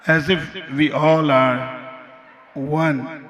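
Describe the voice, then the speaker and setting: A man narrating a stage performance, laughing and building to loud exclaims. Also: fairly high pitch, steady tone, extremely slow, long pauses. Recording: noisy live stage recording.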